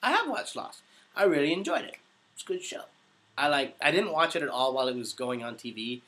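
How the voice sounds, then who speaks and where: Animated and fast, this young voice actor has a mid-range, slightly bright voice. Casually chatting on his live stream, he reads viewer questions aloud and laughs often.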